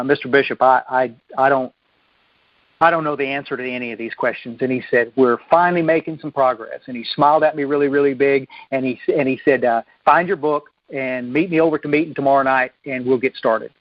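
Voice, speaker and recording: A man's voice: a little high, no room sound. A middle-aged man from Texas tells his recovery story in a rambling way, with many restarts and stammers. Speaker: speaker sharing a recovery story. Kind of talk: personal testimony talk. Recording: dull lo-fi dry recording.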